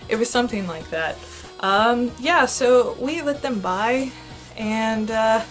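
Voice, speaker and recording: Young adult female vlogger, animated storyteller, light laughs, faint music bed. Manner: animated, giggly, acts out quotes with big pitch jumps. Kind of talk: casual storytime vlog.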